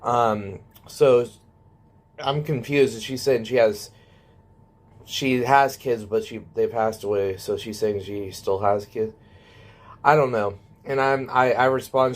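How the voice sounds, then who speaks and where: A man's voice: medium pitch, slow. A man casually telling a prank story, reading out chat messages and chuckling at his own jokes. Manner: switches between narrating and reading quoted texts. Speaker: comedy YouTuber.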